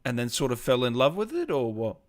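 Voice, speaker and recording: Chatty, excitable male gaming host. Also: mid-range voice, a little fast. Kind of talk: casual live-stream interview chat. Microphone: home microphone on a video call.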